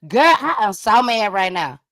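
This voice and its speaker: A woman playing her upset female friend on a phone call, talking with an agitated, raised pitch. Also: expressive, a little slow, a bit bright, dry recording, clean studio sound, full character voice.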